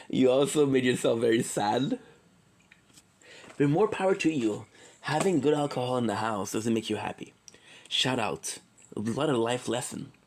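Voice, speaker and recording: A man's voice: medium pitch, vocal fry, low-quality recording. Rambling, joking Quebecois man. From Quebec, Canada. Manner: joking, tangent-prone, swears freely. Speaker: streamer. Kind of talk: rambling casual monologue.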